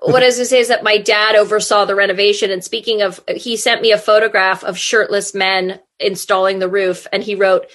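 A woman's voice: mid-range voice, little pitch movement, brisk, few pauses, a bit bright. A woman hosting a casual chat, telling rambling stories through bursts of laughter. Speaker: podcast host. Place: home room, remote call.

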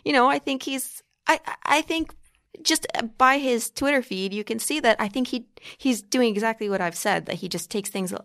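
A woman's voice: fairly high pitch, moderate pace, fairly bright tone. A woman from Long Island, New York, with a light Long Island accent, chatting casually and jokingly as a political commentator on a podcast, often restarting her sentences.

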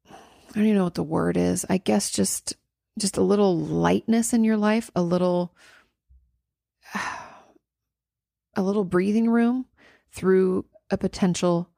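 A woman's voice: fairly low pitch, creaky, darkish tone, no echo, clean studio sound. A woman therapist hosting a podcast, answering a listener's question in casual, rambling talk with emphatic repetitions and restarts.

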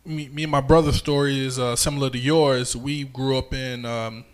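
A man from New York raised in North Carolina, hosting a podcast in a relaxed way and repeating words as he asks questions. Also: mid-range voice, normal speed. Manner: easygoing, stumbles and repeats words while asking. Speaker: podcast host. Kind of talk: casual interview hosting.

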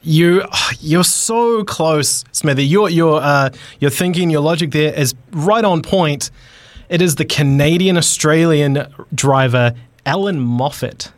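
A man's voice: fairly high pitch, no room sound. A man co-hosting a sports radio show, running a quiz in an upbeat, teasing way. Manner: upbeat and teasing, quick quizmaster delivery. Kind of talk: casual radio sports chat. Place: radio studio.

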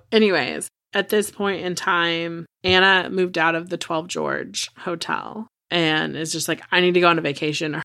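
A woman's voice: lowish voice, gravelly, a bit bright. A woman co-hosting a podcast, recapping a TV episode in casual chat, cursing freely and acting out characters' lines. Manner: chatty, swears freely, acts out characters' lines. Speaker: podcast co-host.

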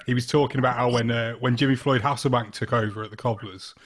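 Relaxed male podcast host. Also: medium pitch, fast, a little hiss or hum. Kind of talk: casual interview questions.

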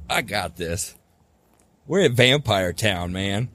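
A man's voice: animated, slow, fairly bright tone. A man joking around as a player in a tabletop game, laughing often. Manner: jokey and laughing, swinging pitch. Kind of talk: casual chat during a tabletop game.

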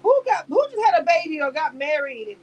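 A woman with a high voice chats through a live stream. She rambles, laughs often and reads her viewers' comments aloud. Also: big pitch swings, a little fast. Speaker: YouTube live host reacting to a reality show cast. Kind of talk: casual live-stream chat.

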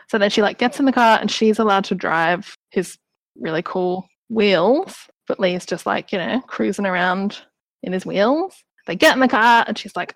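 A woman's voice: medium pitch, normal speed, gravelly, no room sound, poor audio. Woman podcaster retelling a movie, wry and chatty, does the lines, dry close sound. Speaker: podcast host reviewing a film. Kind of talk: casual chat.

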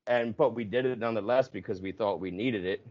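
A man hosting a casual conversation, telling stories in an animated way with swearing and laughs. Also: lowish voice, fairly quick, lo-fi sound. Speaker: podcast host.

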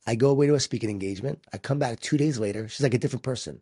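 A man's voice: mid-range voice, racing, few pauses, dark tone, slightly rough. A man guest speaker talking with energy, telling stories and making points with emphasis. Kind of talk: conversational storytelling.

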